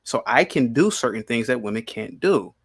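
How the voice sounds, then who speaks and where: A man's voice: mid-range voice, lively intonation, normal speed, breathy edge. A man hosting a heated live-stream debate, combative and repeating his questions insistently. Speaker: podcast host.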